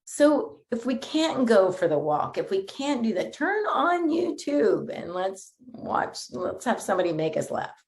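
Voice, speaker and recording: A middle-aged woman minister giving a sermon in a lively, conversational way, often breaking into laughter. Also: a little high, measured pace, few pauses.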